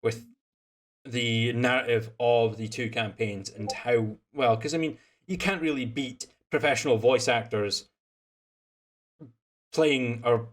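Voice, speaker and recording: A man's voice: mid-range voice, fairly even intonation, takes it slowly. A young Scottish man from Scotland, chatting casually as game master and stream host, rambling with lots of fillers and restarts. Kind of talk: casual chat after a tabletop game stream.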